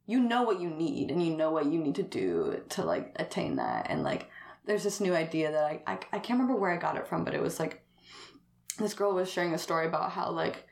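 A woman guest rambles through a casual conversation, saying "like" constantly and laughing often. Her voice sits low with vocal fry, very animated and brisk, and the recording has a roomy echo.

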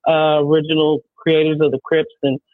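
A woman spins a story in a casual podcast chat, emphatic and lively, with swearing all through her telling. Her voice comes through thin and tinny, with the narrow range of a phone line. The sound is dry, with no room around it. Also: sits low, a little fast, no room sound. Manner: profane, animated, emphatic storytelling. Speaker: show promoter.

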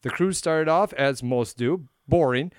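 A man with an Upper Midwest accent, co-hosting a casual podcast, muttering at equipment and reading a story aloud haltingly. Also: fairly high pitch, clear, resonant tone, no echo, studio quality. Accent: Upper Midwest American. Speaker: podcast co-host. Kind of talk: casual chat.

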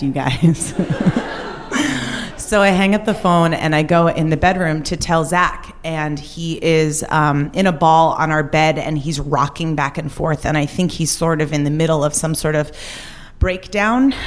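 A woman's voice: fairly low pitch, fairly even intonation, moderate pace. A woman telling a personal story on stage, candid and confessional in an everyday conversational way. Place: stage at a live show.

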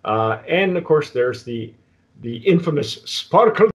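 A very animated tequila review host with a fairly high voice talks through a tasting in a loose, unhurried way, repeatedly stopping and restarting phrases and filling gaps with "um" and "uh," rambling and halting throughout.

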